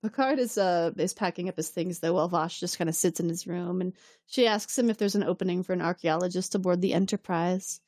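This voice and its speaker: A woman's voice: lowish voice, a little fast, darkish tone, dry recording. Woman podcast co-host, casual recap chat, laughs a lot, acts out lines, dry close sound.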